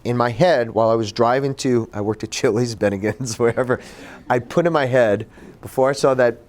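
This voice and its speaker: A man giving a personal storytelling talk at a bookstore event, animated and acting out the voices he quotes. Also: medium pitch, brisk. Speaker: author and speaker.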